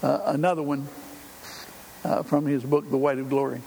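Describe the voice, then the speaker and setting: A man's voice: fairly high pitch, flat delivery, normal speed, gravelly, dark tone. An older man preaching a sermon in a folksy, conversational way, with frequent fillers. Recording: hall reverb, faint room noise.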